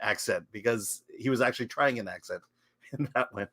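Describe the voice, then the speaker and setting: A man's voice: lowish voice, normal speed, a bit bright, no room sound. A man co-hosting a casual livestream film review from a remote call, laid-back and agreeable, laughing often. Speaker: film critic co-host. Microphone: remote call mic, lagging.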